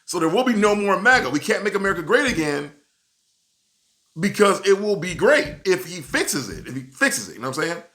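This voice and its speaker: Bright-voiced, animated male commentator. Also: sits high, brisk. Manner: animated, with frequent "you know what I'm saying". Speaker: video commentator. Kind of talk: casual commentary.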